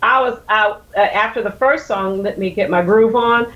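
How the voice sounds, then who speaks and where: A woman co-hosting a radio chat show, teasing and quick to laugh. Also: medium pitch. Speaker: radio co-host. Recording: dull, lo-fi sound.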